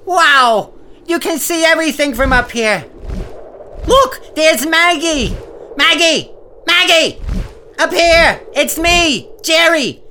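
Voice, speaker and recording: An actor playing a goofy, excitable man thrilled to be flying, in an audio drama. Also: extremely high pitch, takes it slowly, slight background noise, full character voice. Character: goofy man who believes he can fly.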